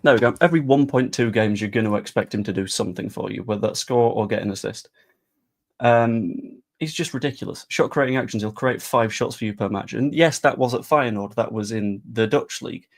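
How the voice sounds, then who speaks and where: A man with a lowish voice talks fairly quickly about football transfers in a casual live-stream chat. He's a football fan vlogger, chatty and sarcastic.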